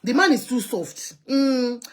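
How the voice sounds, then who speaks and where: A Nigerian woman with a Nigerian accent, hosting a live call-in show, talking in an animated, chatty way and ranting about public affairs from inside a car. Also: a little high, slow pace, slight background noise. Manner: animated, chatty, rants and pleads. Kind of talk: opinionated live social commentary.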